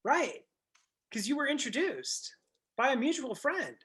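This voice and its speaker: Blunt, animated male coach on a call. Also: extremely high pitch, measured pace. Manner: blunt, animated, acts out scenes and swears. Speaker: real estate coach. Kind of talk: group coaching session.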